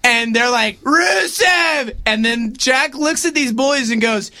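A man in his forties in casual chat, an animated storyteller who acts out other people's voices and says "dude" a lot. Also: very high voice, slow, no room sound, shouting.

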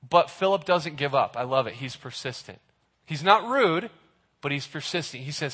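A man giving a casual sermon, animated and acting out the dialogue of the people in his story. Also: a little high, normal speed. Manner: animated, acts out the characters' dialogue. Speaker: youth pastor. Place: church hall. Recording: reverberant hall.

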